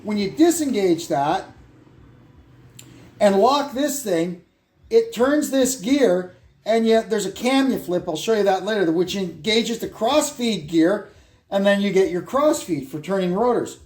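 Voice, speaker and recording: A man's voice: high-pitched, expressive, darkish tone, slightly rough. A man casually explaining a brake lathe repair step by step as he works in his garage, thinking aloud with fillers, recorded on a phone nearby. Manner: thinks aloud, halting with fillers while working. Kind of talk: casual workshop how-to narration. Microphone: phone camera propped nearby.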